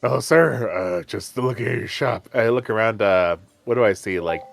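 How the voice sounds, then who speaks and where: A man's voice: medium pitch, lively intonation, moderate pace, creaky, no room sound, faint music behind. A man playing a tabletop game, joking around with mock-dramatic complaints. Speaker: player.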